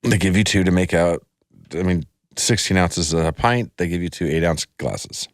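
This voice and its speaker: A middle-aged man talks as a podcast guest in a relaxed, wry way, chuckling between lines. His voice sits very low. The sound is dry and close. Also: normal speed, dry recording. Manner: laid-back, wry, chuckling. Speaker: guest, host's husband. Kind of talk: casual chat.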